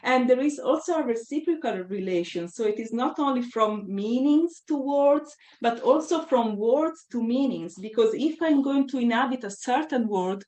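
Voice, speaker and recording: Woman giving a slow thoughtful academic talk, higher voice, kinda echoey room. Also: lively intonation, a little mellow. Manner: thoughtful, deliberate, emphatic on key ideas. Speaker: lecturer. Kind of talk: academic lecture. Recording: roomy echo.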